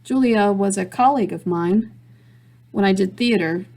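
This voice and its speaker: A woman's voice: mid-range voice, normal speed, darkish tone, lightly acted. A woman reading a story, giving the lines of a guarded adult man who speaks in a hesitant, wary way. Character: guarded adult man, former theater actor.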